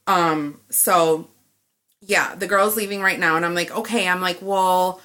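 Woman, casual storytelling rant, bright voice, animated delivery. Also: lowish voice, unhurried. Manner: animated, acts out both sides of the exchange.

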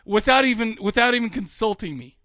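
A man co-hosting a podcast in casual chat, telling a rambling, animated story with laughs. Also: high voice, brisk, dry recording. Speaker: podcast co-host.

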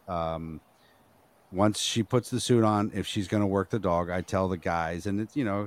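A man hosting a podcast, rambling and halting, with plenty of swearing. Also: deep voice. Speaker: podcast host. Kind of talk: casual podcast chat.

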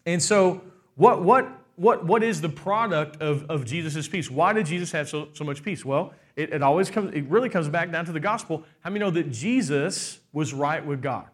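Preaching with a voice on the high side, lively intonation, and a moderate pace, this pastor hammers home his points. Again and again he asks the crowd "how many know," leaning hard on his words.

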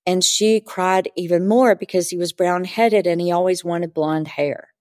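A woman's voice: lowish voice, fairly even intonation, a little slow, a little mellow, no echo, studio quality. Earnest woman telling a story. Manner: earnest, vivid storyteller who acts out dialogue. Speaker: spiritual teacher and medium. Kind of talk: interview storytelling.

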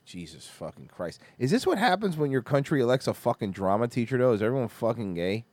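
Male comedy host, profane and explosive, big swings in pitch, dry close sound. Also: animated, quick pace, a little mellow, no echo. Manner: crude, mocking, explosive. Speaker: podcast host.

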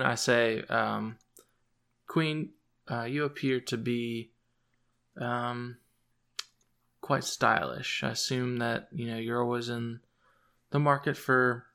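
A man's voice: mid-range voice, steady tone, slow pace, gravelly, a bit bright. A man playing a tabletop game, talking hesitantly with many fillers. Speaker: player. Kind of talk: casual chat.

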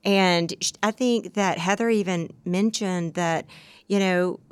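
A woman co-hosting a podcast in a low-pitched, chatty voice. She tells stories and acts out the lines of others. The sound is dry and close, with little room. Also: measured pace, clear, resonant tone, no echo. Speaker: podcast co-host. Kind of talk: casual chat.

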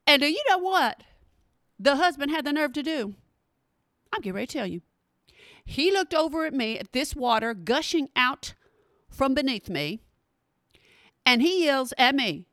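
Animated woman telling a story. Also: high voice, normal speed, pauses often, dry recording, clean studio sound. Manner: animated, emphatic, talks straight to listeners. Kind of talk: casual personal storytelling.

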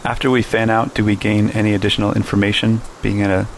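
A man's voice: on the low side, flat delivery, fast talker, slight background noise. Easygoing male tabletop player. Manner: brief, easygoing replies. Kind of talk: casual tabletop play.

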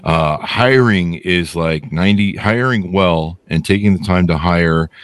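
A man hosting a podcast interview, chatting casually and telling stories in a lively, animated way. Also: unhurried, no room sound. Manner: animated storyteller, pitch jumps up when quoting himself. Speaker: podcast host.

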